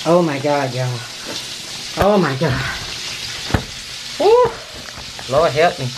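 A woman with a drawl talks straight to her viewers while she cooks at home, calling them honey and y'all. Her voice sits low. Frying sizzles clearly under her in a noisy kitchen recording. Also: unhurried. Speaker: family vlogger. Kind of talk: casual cooking vlog.

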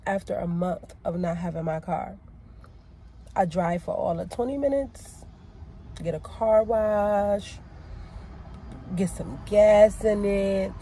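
A woman talks straight to her phone camera from inside her car, casual and outspoken. Her voice is mellow and dark in tone, with faint street and engine noise around her. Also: mid-range voice, takes it slowly, long pauses. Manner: frustrated, venting, swearing; relieved, chatty, addresses viewers as y'all. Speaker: vlogger. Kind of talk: casual vlog rant to camera. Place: in a car by the roadside, then driving.

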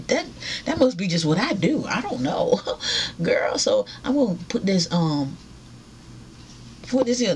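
A woman's voice: fairly low pitch, slight background noise. A woman chatting casually to camera at home, calling her viewers y'all. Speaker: vlogger. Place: room at home with ceiling fan.

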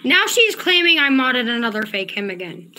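A woman's voice: high voice, sing-song, normal speed, pushed and bright, slight background noise. A woman livestreamer angrily ranting at her chat, confrontational and profane, repeating herself. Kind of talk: angry livestream rant to chat.

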